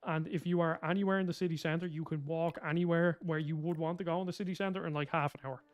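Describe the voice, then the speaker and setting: A man's voice: a little high, steady tone, quick pace, highs cut off. A young man with a Dublin Irish accent chatting casually as a gaming YouTuber, rambling with lots of fillers and self-corrections. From Ireland. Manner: rambling, filler-heavy, often restarts and corrects himself. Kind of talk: casual chat.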